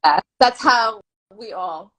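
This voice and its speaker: A woman from Austria, a guest musician, chats in a relaxed way at a middle pitch. She keeps her words loose and hedges as she goes. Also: slow, poor audio. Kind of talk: casual chat.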